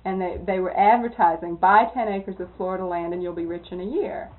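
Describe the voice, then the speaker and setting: A woman being interviewed, telling old anecdotes in a lively way that often breaks into laughter. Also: lowish voice, fairly quick. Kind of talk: oral history storytelling. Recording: tinny lo-fi tape, phone-like.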